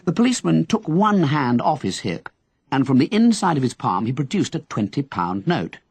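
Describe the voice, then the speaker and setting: A male audiobook narrator telling a story with very lively, wide-ranging pitch. His voice is a touch husky and sits a little high, recorded close and dry. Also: moderate pace, no echo. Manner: expressive storytelling. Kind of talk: scripted narration.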